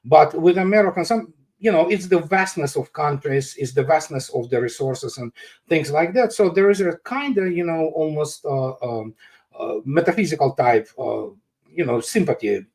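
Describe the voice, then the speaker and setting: A man's voice: on the high side, animated, moderate pace, darkish tone. A man talking as an interview guest, with emphatic, scornful political commentary full of "you know" fillers. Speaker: guest analyst.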